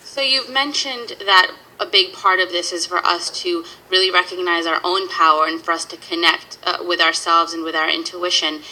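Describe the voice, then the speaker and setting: A woman interviewer asking gentle, measured questions. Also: lowish voice, poor audio.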